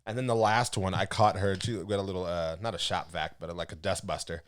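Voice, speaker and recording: A man's voice: low voice, brisk. A man co-hosting a podcast, telling a funny story in casual chat and laughing often as he goes. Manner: laughs often while telling stories, animated. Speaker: podcast co-host.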